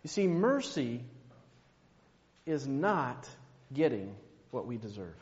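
A man preaching a sermon, slow and emphatic, dropping to a hush on key words. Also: on the high side, very animated. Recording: muffled, long hall reverb.

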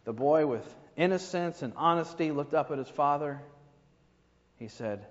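A man's voice: on the high side, animated, moderate pace. A man preaching a sermon in a conversational way, with rhetorical asides to the congregation. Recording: dull reverberant hall recording.

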